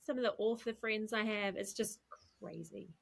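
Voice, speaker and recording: Woman, author guest, casual podcast chat, gravelly, self-deprecating, laughing. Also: medium pitch, steady tone, normal speed.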